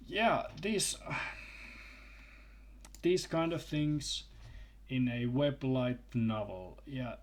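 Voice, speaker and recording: Slow, stammering man reviewing a book. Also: medium pitch. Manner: halting, stammers and restarts. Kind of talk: casual video review with a read excerpt.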